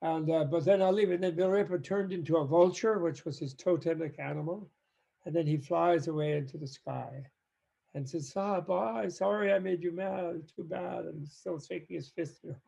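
A man, a Buddhist teacher, telling a story in an animated, rambling way, full of casual fillers, in a dull lo-fi recording. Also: on the high side, brisk, gravelly, slightly rough. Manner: animated, rambling, lots of "you know, like". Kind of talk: storytelling talk. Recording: dull lo-fi sound.

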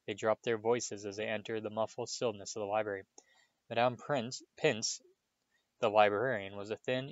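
A man reading a novel aloud in a steady storytelling manner, giving the characters voices. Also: fairly low pitch, moderate pace, no echo, lo-fi sound. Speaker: reader.

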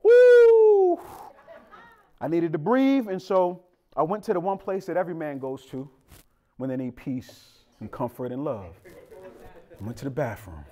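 He has a medium pitch and speaks at normal speed. In this sermon the pastor tells funny family tales in a relaxed, joking, animated way, turning to address the congregation head-on.

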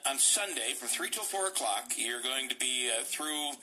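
A male radio host leads a friendly interview. His voice is bright and mid-pitched, and he talks eagerly, pausing and restarting as he goes. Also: expressive, faint music behind, rough recording. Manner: eager, halting with frequent fillers.

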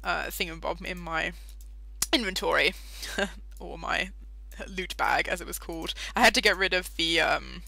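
Bright chatty British woman gamer. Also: on the low side, moderate pace, creaky, no room sound. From Britain. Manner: chatty, giggly, easily sidetracked. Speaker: Minecraft let's-play host. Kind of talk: casual gameplay commentary.

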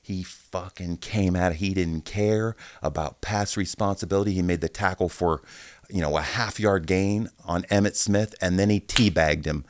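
A man in his sixties, a former pro linebacker, telling locker-room stories in a casual interview, animated and profane. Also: low-pitched, moderate pace, a little hiss or hum. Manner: animated, profane storyteller who acts out quotes.

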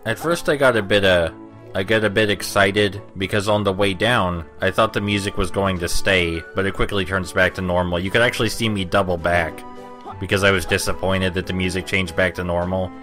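A man's voice: low-pitched, steady tone, a little fast, a bit bright. A young man giving rambling, sarcastic commentary over a game playthrough, with faint game music behind. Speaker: let's play commentator. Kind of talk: gameplay commentary.

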